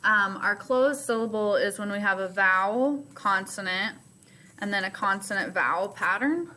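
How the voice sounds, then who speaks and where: A woman's voice: mid-range voice, moderate pace, pushed and bright. A woman teacher recording a remote phonics lesson for her students, explaining step by step in a patient way.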